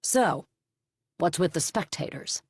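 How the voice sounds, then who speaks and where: A woman's voice: fairly low pitch, lively intonation, slow pace, breathy edge, no room sound, clean studio sound, heavily acted. A woman voicing a brusque male police captain in an audiobook, curt and commanding. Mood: stern.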